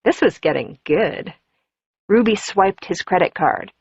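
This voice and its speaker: A woman's voice: lowish voice, lively intonation, measured pace, creaky, husky, no room sound. Female audiobook narrator, wry and conversational, dull dry recording. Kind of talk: first-person audiobook narration.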